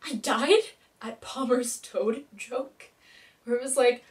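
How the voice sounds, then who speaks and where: A woman's voice: fairly high pitch, takes it slowly, recorded from a distance. A woman giving a casual TV episode recap, bubbly, rambling and poking fun at herself. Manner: bubbly, rambling and self-mocking.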